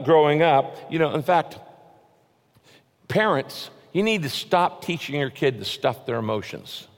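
A man preaching a sermon as a pastor, animated, rising to emphatic peaks and then dropping soft. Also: mid-range voice. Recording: long reverb of a large hall.

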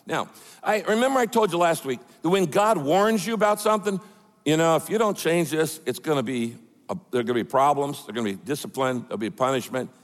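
A male pastor preaching a sermon with lively, emphatic delivery and quoted asides. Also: a little high, fast talker, in a large hall.

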